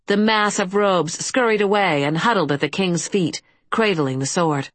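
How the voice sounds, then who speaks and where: A woman narrating an audiobook in a steady, even storytelling manner. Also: lowish voice, normal speed, no room sound. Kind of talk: scripted fantasy narration.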